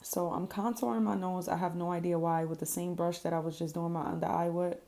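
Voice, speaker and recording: A woman's voice: fairly low pitch, level tone, a little fast, creaky, warm tone. A woman talking casually through her makeup routine as a vlogger, candid and swearing freely with lots of ums. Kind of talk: casual makeup tutorial voice-over.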